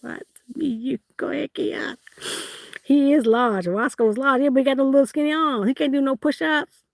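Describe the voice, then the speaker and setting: A woman runs a casual live-stream sale from her phone, joking, teasing and laughing as she reads viewers' comments aloud. Her voice sits a little high and lively. The sound is close and dry, with no room echo. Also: normal speed, gravelly.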